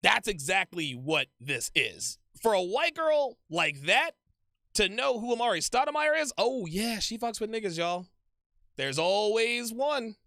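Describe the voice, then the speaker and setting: A man riffs through a dating show with loose, profane energy, doubling back on his words as he goes. His voice sits high, with a gravelly edge. The sound is dry and close, with no room around it. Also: normal speed, no echo. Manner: animated, profane, repeats himself. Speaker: commentator reacting to a dating show. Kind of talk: casual profane reaction commentary.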